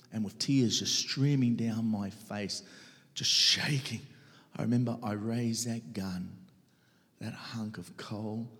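A middle-aged man preaching his testimony dramatically, swinging between loud outbursts and hushed whispers. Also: fairly low pitch. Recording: long reverb of a large hall.

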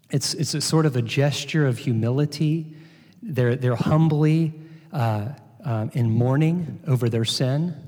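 A man preaches an earnest sermon at an unhurried, deliberate pace, often repeating his words as he teaches. His voice is mellow and dark. The recording carries a long hall reverb. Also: mid-range voice.

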